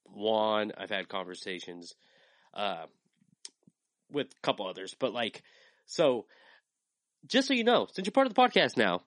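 A young man hosting a podcast, rambling earnestly with lots of likes. His pitch swings widely, and the sound is dry and close. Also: sing-song, unhurried, pauses often, a bit bright, no room sound. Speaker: podcast host. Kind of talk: casual chat.

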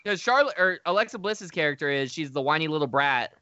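A man's voice: fairly high pitch, expressive, fast talker, dull audio, a crowd in the background. A man co-hosting a wrestling podcast, arguing his picks with profane banter. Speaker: podcast co-host. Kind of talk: casual chat.

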